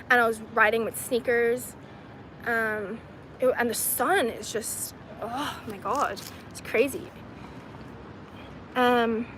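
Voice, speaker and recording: A woman's voice: fairly high pitch, a bit bright, low-quality recording. A young woman from China chatting casually to a livestream, rambling and filling her talk with "like". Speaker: streamer answering chat questions. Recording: outdoor street and traffic noise.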